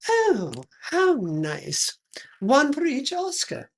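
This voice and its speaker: A pompous, affected aristocratic hostess, played by a woman, drawling slowly and dropping French phrases. Her pitch swoops up and down grandly as she holds court. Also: wildly swooping pitch, slight background noise, exaggerated voice. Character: pompous aristocratic lady chat show hostess. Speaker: host.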